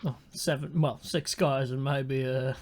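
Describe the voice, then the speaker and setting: A man's voice: medium pitch, steady tone, unhurried, darkish tone. Joking young man. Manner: joking, teasing, sarcastic. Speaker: podcast co-host. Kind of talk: casual chat.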